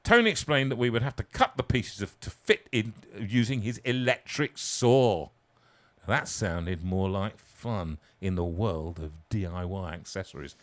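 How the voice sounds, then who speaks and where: A man's voice: on the low side, animated, a little slow, a bit bright. A man reading his own story aloud live, with wry, self-mocking asides. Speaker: singer and storyteller.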